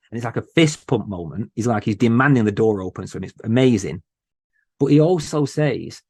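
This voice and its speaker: A man guest on a podcast, talking in an earnest, emotional way with many halting restarts. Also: lowish voice, darkish tone, no room sound. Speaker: podcast host, interview guest. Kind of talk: casual interview chat.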